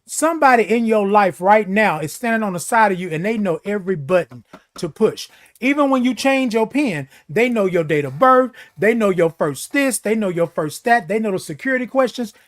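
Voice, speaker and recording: A man's voice: sits high, animated, moderate pace, a bit bright. A man hosting a casual morning livestream, reading viewer comments aloud and answering them, saying "indeed" and "y'all" a lot. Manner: says "indeed" and "y'all" often. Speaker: livestream host.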